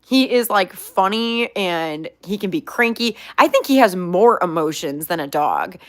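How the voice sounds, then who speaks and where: A young woman with a mid-range, fairly bright voice chats casually about her pet pig, answering viewer questions for her channel. Her intonation is lively and her pace a little slow, and she sounds chatty and upbeat, sprinkling in lots of filler words, especially "like."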